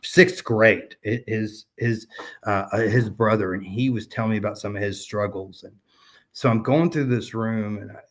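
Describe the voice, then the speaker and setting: A man's voice: lowish voice, moderate pace. Guy in his 30s rambling through a faith story, lots of ums and restarts, casual podcast chat. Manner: rambling, many fillers and restarts. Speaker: podcast guest.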